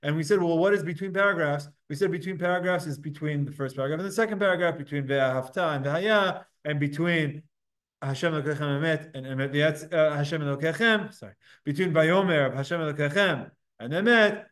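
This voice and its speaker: Fairly quick and fairly bright in tone, a man with a higher-pitched voice teaches Talmud. His approach is casual and conversational, moving step by step through the text and answering the very questions he poses to the class.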